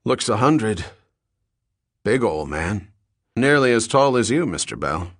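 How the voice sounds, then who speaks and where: A man's voice: lowish voice, sing-song, measured pace, no echo, clean studio sound, heavily acted. A man voicing a brash, gossipy young Marine private who speaks bluntly. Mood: cheeky.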